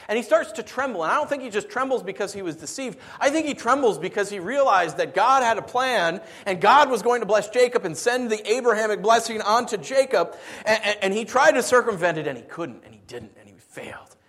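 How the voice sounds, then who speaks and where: A male pastor with a somewhat high voice preaches in a casual, conversational style. He swings between excited and hushed moments. He often doubles words as he restarts his thoughts. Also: a little fast, hardly any pauses, breathy edge. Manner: animated, conversational, repeats words when restarting. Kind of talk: sermon.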